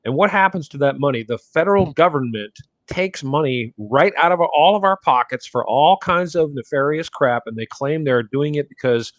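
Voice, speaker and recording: A man's voice: fairly high pitch, lively intonation, normal speed, few pauses, no echo. A man co-hosting a podcast, ranting bluntly about government and swearing freely in casual talk. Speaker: podcast co-host. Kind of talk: casual political podcast chat.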